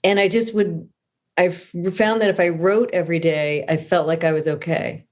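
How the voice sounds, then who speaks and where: A woman's voice: lowish voice, fairly even intonation, normal speed. A middle-aged woman from Southern California, an author telling stories in a casual interview, chatty and self-deprecating with many restarts. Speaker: author guest. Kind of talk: conversational interview storytelling.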